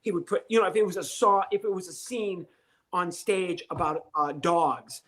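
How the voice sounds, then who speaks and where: A man in his sixties, a comedian guest telling a lively story and acting out the voices of the people in it. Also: high-pitched, normal speed. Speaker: podcast guest, comedian and ventriloquist. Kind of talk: storytelling interview.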